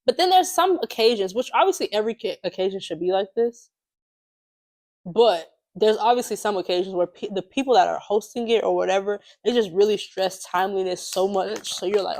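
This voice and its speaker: Young female podcast co-host, mid-pitched voice, loose and chatty storyteller, laughs a lot. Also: quick pace, creaky. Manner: chatty, animated, laughs often, many fillers. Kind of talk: casual storytelling chat.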